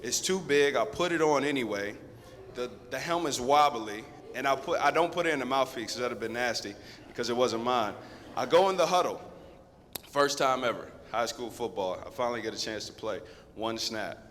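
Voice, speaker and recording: A man in his thirties, a guest speaker at a school, telling a lively story straight to the students. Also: medium pitch, normal speed, a little hiss or hum. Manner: lively, conversational, addresses the crowd directly. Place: school assembly hall. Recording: long echo of a big hall.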